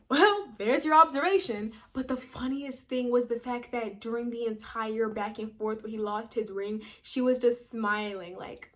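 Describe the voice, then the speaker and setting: A woman's voice: a little high, normal speed, few pauses, a bit bright. Chatty young woman recapping a show. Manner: chatty, slangy, acts out quotes. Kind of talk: casual recap commentary.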